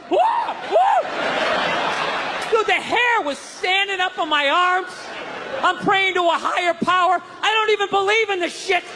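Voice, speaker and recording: A man on a comedy stage, tearing through a stand-up routine in a high, strained shout full of profanity. The crowd is loud and the live room noise bleeds into the mic. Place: comedy stage before audience.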